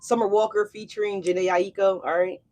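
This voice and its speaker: A woman's voice: medium pitch, fairly even intonation, fairly quick, darkish tone. A woman doing a casual tarot reading for her channel, chatty and a little profane, calling her viewers y'all. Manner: loose and profane. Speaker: tarot reader. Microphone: desk mic.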